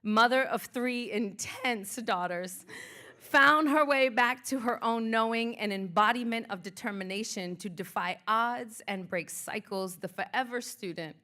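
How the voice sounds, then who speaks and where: Woman motivational speaker doing spoken word live, bright punchy voice, a bit high, rhythmic declarations. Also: unhurried. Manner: rhythmic, declarative, leading call-and-response. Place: art museum event space.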